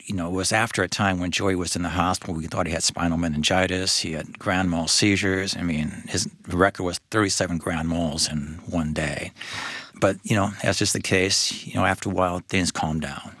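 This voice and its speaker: A man who is a guest on an interview, telling his story as a father in a reflective, halting way with many restarts. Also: sits low, fairly even intonation, a bit bright, no echo, clean studio sound. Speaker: guest, father of a son with a disability. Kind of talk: personal testimony in a faith interview.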